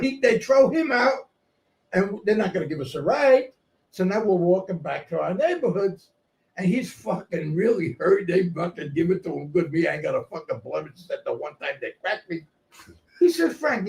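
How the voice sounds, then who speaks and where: Gravelly, profane New storyteller man. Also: high-pitched, moderate pace. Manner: profane, animated, swings from shouting to murmuring. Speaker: guest storyteller. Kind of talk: casual storytelling. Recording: distant mic with faint noise.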